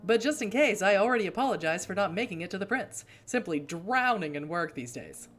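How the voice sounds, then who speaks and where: A woman's voice: mid-range voice, expressive, a little fast, close to an everyday voice. A woman voicing a smarmy, wealthy male vampire lawyer in a theatrical old-time radio manner. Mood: grandiose.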